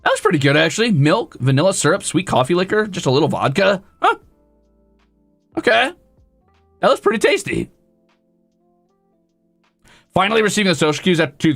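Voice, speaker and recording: A male streamer chats casually with his viewers, rambling, talking to chat and poking fun at himself. His voice is on the high side, gravelly and fairly bright, with no room sound.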